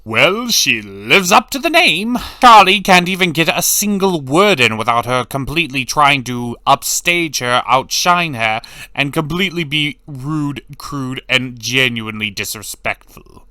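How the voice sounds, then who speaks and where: Man, cartoon recap commentary, animated pitch swings, sarcastic, blunt, dry close sound. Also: a little slow, no echo. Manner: blunt, sarcastic, swears freely. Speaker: cartoon reviewer.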